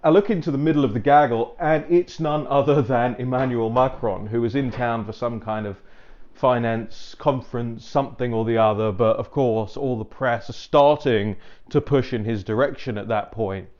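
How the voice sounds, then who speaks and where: A man's voice: medium pitch, normal speed, a little mellow, muffled recording. A British man telling a rambling political anecdote in a casual monologue, with wry asides. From Britain. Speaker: political commentator.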